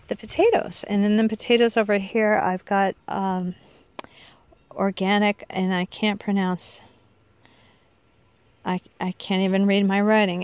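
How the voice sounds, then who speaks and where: A woman's voice: mid-range voice, clear, resonant tone. A middle-aged woman giving a rambling, casual tour of her garden, often correcting herself mid-sentence. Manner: rambling, chatty, self-correcting. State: unwell, with hiccups. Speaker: vlogger showing her garden. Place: outdoor backyard garden.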